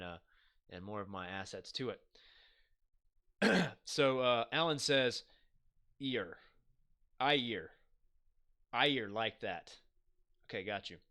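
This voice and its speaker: A man hosting a casual live stream, talking straight into his home mic in a bright, forward voice. His delivery is loose and chatty as he reads viewer comments aloud. He throws in swearing and makes jokes at his own expense. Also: mid-range voice, clean tone. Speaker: livestream host.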